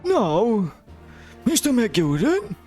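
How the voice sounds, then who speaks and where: A man voicing a stern elderly male British judge who makes pompous, booming declarations. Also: huge pitch swings, extremely slow, dark tone, soft background music, full character voice. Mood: grave.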